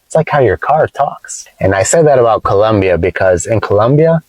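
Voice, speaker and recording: A man's voice: fairly low pitch, expressive, a little mellow, no echo, rough recording. Playful American man teaching from a car. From United States. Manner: playful, teasing, explains slowly with repetition. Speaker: English teacher vlogger. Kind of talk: casual teaching vlog. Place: inside a parked car. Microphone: phone camera held by his wife.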